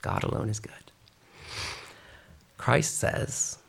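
A man's voice: fairly low pitch, moderate pace, gravelly. A man preaching a sermon who reads scripture aloud and then urges his listeners on. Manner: expressive, reading scripture then exhorting the congregation.

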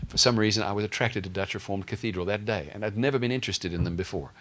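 Male preacher, storytelling sermon, lowish voice, animated, acts out dialogue. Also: fast talker.

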